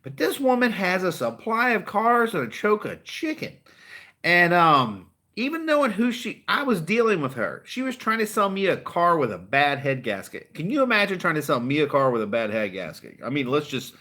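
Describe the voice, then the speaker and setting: A man's voice: a little high, sing-song, normal speed, bright, forceful tone. Fired-up blunt man giving a pep talk. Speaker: car dealer and YouTube channel host. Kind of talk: motivational vlog talk.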